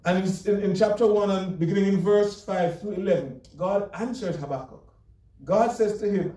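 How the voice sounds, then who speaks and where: A man delivering an earnest, emphatic sermon as a pastor, now and then chuckling softly between his points. His voice sits high yet sounds mellow and warm. It is heard from some distance in a roomy, echoing church. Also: moderate pace. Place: church sanctuary. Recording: echoey church room, mic far off.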